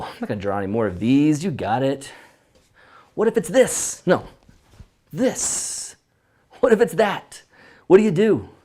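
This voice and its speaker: A man's voice: medium pitch, darkish tone. A man teaching photography composition on a live stream from his home studio. He thinks aloud and reads out viewer comments. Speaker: photography instructor.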